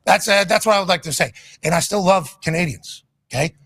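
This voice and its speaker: A man's voice: sits high, fairly quick, gravelly, fairly bright tone. A man from Pittsburgh giving a blunt, profane, rambling on-air monologue. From Pittsburgh, Pennsylvania, USA.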